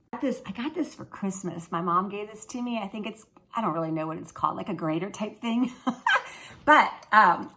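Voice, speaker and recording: A woman's voice: fairly high pitch, fairly bright tone. A woman hosting a casual cooking show from her home kitchen, chatty and folksy, talking straight to her viewers.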